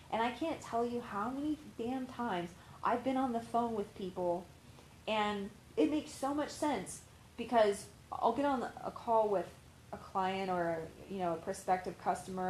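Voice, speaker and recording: A woman's voice: medium pitch, unhurried, darkish tone, a little hiss or hum. Frank, rambling woman coach in an echoey room. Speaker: life coach. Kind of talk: casual talking-to-camera advice.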